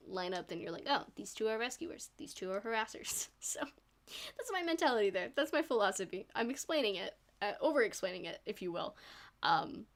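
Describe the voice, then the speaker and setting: A young woman is casting an esports match live on her own, talking in a chatty, bubbly way and laughing at herself. Her voice sits in a middle pitch for a woman. She mixes quick explanations of the picks with cheerful asides. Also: fairly bright tone. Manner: chatty, bubbly, self-deprecating, laughs often. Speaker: esports commentator. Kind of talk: solo live esports commentary.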